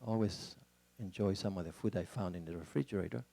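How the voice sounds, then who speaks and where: A man telling his side of a personal testimony in a halting way, with frequent fillers. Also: low-pitched, creaky, mellow. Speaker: guest speaker sharing testimony.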